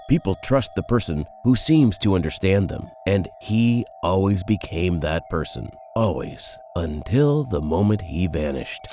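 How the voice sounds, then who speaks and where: Low-voiced man narrating dark crime, lively delivery. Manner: dramatic, measured storytelling with sudden drops in pitch and loudness.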